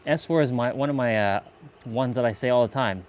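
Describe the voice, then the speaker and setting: A man's voice: mid-range voice, fairly quick, a little hiss or hum. A man chatting casually on a live gaming stream, playful and muttering to himself as he plays. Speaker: livestream gamer.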